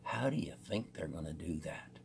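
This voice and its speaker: A man's voice: extremely low pitch, lively intonation, moderate pace, vocal fry, a little mellow, a little hiss or hum. An older man giving a promotional talk to viewers, emphatic and salesy, speaking straight to them. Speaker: real estate agent and investor.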